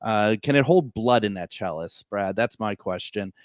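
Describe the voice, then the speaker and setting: A man's voice: lowish voice, expressive, no echo, studio quality. A man hosting a casual livestream chat, joking and laughing a lot. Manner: jokey, laughs a lot, puts on quick voices for friends. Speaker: host.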